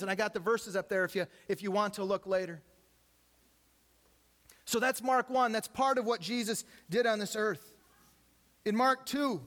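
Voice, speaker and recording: High-voiced man preaching a lively sermon. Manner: lively storytelling, acts out quotes with humor. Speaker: pastor.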